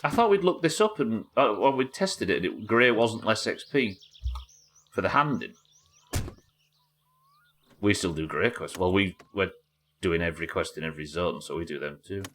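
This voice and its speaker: A man with a deep, low voice chats casually on a live game stream, answering viewers and his co-players. His tone is bright and forceful, and he swears now and then. Faint noise sits behind him. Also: expressive, normal speed, long pauses. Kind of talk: live gaming stream chat.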